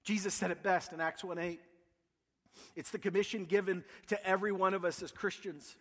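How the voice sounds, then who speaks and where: High-voiced Canadian pastor preaching with passion. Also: male voice, steady tone, fairly quick, a bit bright, big-room sound. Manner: impassioned, builds with repeated rhetorical questions. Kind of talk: sermon. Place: church sanctuary.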